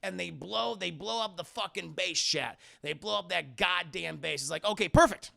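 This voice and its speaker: Excitable man with a gravelly, bright voice. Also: high-pitched, normal speed. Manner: excitable, profane, many restarts. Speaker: streamer reviewing a film. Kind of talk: casual chat to live chat.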